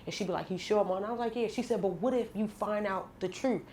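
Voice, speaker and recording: A woman's voice: medium pitch, fast, darkish tone, reverberant, a little hiss or hum. A woman guest in a candid radio interview, telling a personal story bluntly and with slang.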